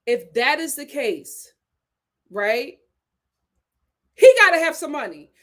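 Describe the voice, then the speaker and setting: Animated woman reacting to live chat. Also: high voice, slow. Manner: animated, reads viewer comments aloud and reacts emphatically. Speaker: host reading live chat comments. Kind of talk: casual live-stream commentary.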